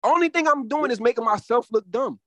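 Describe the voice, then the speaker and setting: A man with a high voice who talks at a rapid clip. He co-hosts a casual podcast chat. His manner is blunt, defiant and profane. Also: a bit bright, no echo. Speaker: podcast co-host.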